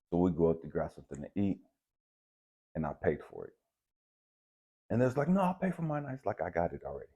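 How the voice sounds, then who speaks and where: Low, mellow-voiced man telling a story. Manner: relaxed, conversational, uses slang like bet and dap. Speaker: channel host. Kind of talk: casual spiritual storytelling.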